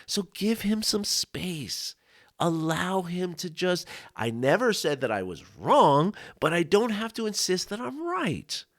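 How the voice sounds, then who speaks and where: A male life coach telling a personal story to camera, earnest and reflective, with frequent "you know" and "right?" asides and soft laughs. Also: high-pitched, big pitch swings, a little slow, few pauses, no echo, clean studio sound. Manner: laughs often between thoughts. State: tearful at times.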